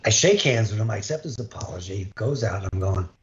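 A man's voice: fairly low pitch, lively intonation, fast, hardly any pauses, dull audio. An older man, a former baseball umpire, animatedly tells an anecdote over a video call and acts out the dialogue. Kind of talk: storytelling in an interview.

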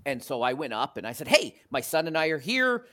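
Bright-voiced chatty Canadian man. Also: a little high, big pitch swings, fairly quick. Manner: rambling storyteller with many restarts. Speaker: podcast co-host. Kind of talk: casual sports chat.

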